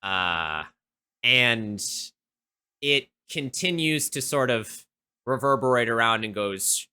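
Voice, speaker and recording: A man running a tabletop game, describing the scene with a bright, forward tone. He talks in a halting way, stopping often with fillers and restarts. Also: medium pitch, animated, clear, resonant tone. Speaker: game master.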